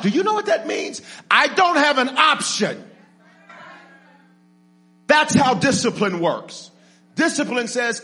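A man preaching an energetic sermon. He leads the congregation in call-and-response, jokes with them, and swings from low asides to shouted, drawn-out climaxes. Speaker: pastor.

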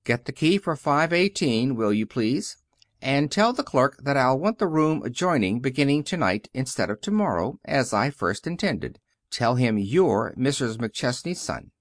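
A man voicing a calm, firm mother. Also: mid-range voice, measured pace, no echo, studio quality. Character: composed 36-year-old saleswoman mother, firm.

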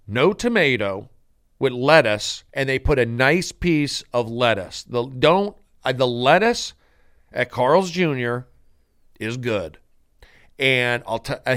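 A man's voice: mid-range voice, a bit bright, no echo, clean studio sound. Man, comedian, podcast host, comedic monologue, rambling, mock-grandiose.

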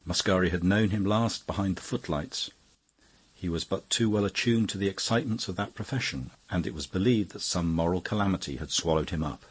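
Deep husky male audiobook narrator. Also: fairly quick. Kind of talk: scripted narration.

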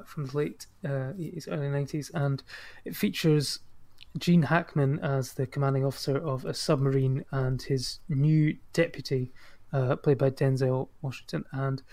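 A man's voice: mid-range voice, darkish tone. A Scottish man co-hosting a podcast, chatting casually about films in a loose, rambling way full of fillers. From Scotland. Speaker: podcast co-host. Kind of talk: casual film chat.

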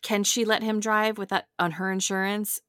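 A woman's voice: medium pitch, flat delivery, moderate pace, fairly bright tone, no room sound, clean studio sound. A woman podcast co-host chatting casually as she recaps a reality show, acting out quotes with big jumps in voice.

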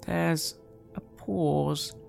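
A man narrating a tabletop role-playing game as game master, in a halting, hesitant way. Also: fairly high pitch, fairly even intonation, creaky, darkish tone, soft background music.

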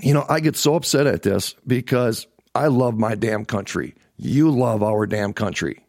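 A man's voice: lowish voice, expressive, moderate pace, a little mellow, no room sound, studio quality. A middle-aged man hosting a livestream political show, ranting angrily, swearing and repeating himself for emphasis. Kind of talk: angry livestream political rant.

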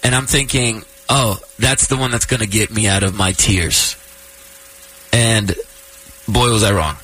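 A man in his thirties with a bright, slightly husky voice tells a personal story on air as host. He talks casually, choking up and laughing through tears. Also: on the low side, a little slow, low-quality recording.

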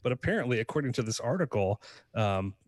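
A man's voice: medium pitch, big pitch swings, quick pace, no room sound. Rambling man on a chat podcast. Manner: rambling, with many fillers and restarts. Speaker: podcast co-host. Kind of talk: casual chat.

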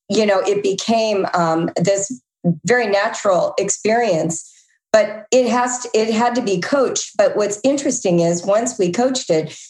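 Enthusiastic woman in her fifties, echoey room. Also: lowish voice. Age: 50s. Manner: warm-hearted, enthusiastic, quick to laugh. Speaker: host. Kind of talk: conversational interview.

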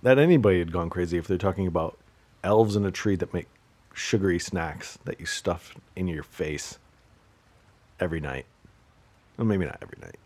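Man, deep husky voice, solo podcast host, sarcastic rambling monologue. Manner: sarcastic, joking rants with sudden loud outbursts.

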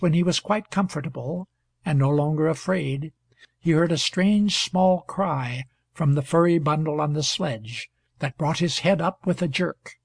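Gravelly male audiobook narrator. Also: fairly high pitch, dry recording. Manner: steady, measured storytelling. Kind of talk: scripted narration.

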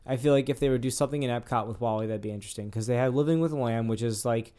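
A man's voice: medium pitch, very fast, warm tone. A man co-hosting a casual theme-park podcast, joking and chatty. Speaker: podcast co-host. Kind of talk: casual chat.

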